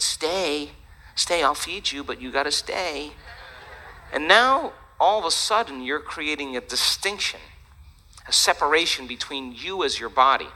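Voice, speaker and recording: A man giving a lively, joking talk to an audience, chatty and animated. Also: medium pitch, low-quality recording. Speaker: speaker.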